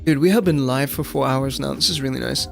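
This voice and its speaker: A young South African man with a squeaky voice, chatting excitably to viewers and swearing casually during live gameplay commentary. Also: a little fast, vocal fry, soft background music. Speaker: game streamer.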